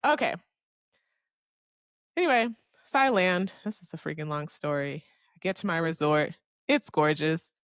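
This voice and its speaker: A woman's voice: deep voice, animated, normal speed, pauses often, smooth, no room sound, studio quality. A young adult woman from Miami hosting a casual solo podcast, telling a story in a candid, chatty way, cursing freely and talking to herself. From Miami, Florida. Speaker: podcast host.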